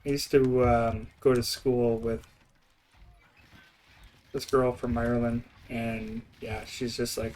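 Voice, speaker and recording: A man's voice: medium pitch, flat delivery, slow pace, pauses often, darkish tone, a little hiss or hum. A young man with an Eastern Canadian accent, chatting and rambling while he streams a building game, often laughing. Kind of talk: casual gameplay commentary.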